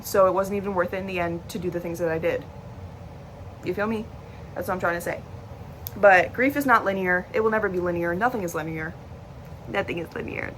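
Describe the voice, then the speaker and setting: This young woman vlogger speaks openly to the camera in a mid-range, slightly bright voice, with some faint background noise. She is blunt and emphatic, curses without holding back, and records on a device while talking to its screen.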